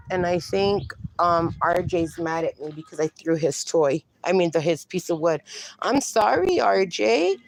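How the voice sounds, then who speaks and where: A middle-aged woman hosting a casual livestream outdoors in her backyard, talking affectionately and reading viewers' comments aloud on a phone. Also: medium pitch. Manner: slow, affectionate, reads chat comments aloud. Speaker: livestream host.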